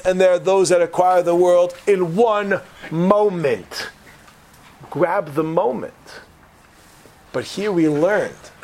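Guy giving a torah class, slightly high voice, lively and joking, asks the room questions. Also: slow, pauses often, a little hiss or hum. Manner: animated, jokey, asks the audience questions. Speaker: rabbi teaching a class.

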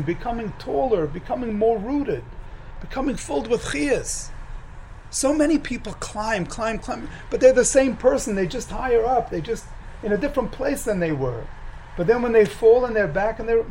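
Man, rabbi, lively sermon, high voice, acts out dialogue, faint background noise. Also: poor audio. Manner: animated, acts out dialogue, repeats phrases for emphasis. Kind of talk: sermon with storytelling.

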